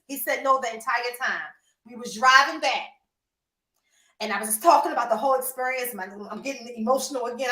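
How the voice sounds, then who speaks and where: Woman host, animated storyteller who laughs a lot and speaks straight to her audience; high voice, echoey room. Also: fast talker. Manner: animated, laughing, addresses listeners as y'all. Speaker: podcast host. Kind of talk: casual storytelling chat.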